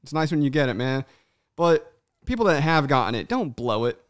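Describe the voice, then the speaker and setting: A man co-hosting a casual podcast, animated and swearing freely, acting out people's voices when he tells stories. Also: on the high side, normal speed, clean tone, no echo, studio quality. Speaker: podcast co-host.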